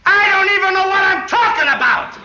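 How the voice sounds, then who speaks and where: An actor playing an excitable, confused ballplayer in a 1940s film comedy routine, whiny and shouting in frustration. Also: male voice, extremely high pitch, brisk, heavily acted. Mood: confused, exasperated. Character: excitable confused male ballplayer hopeful, comic. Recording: echoey, dull old film soundtrack.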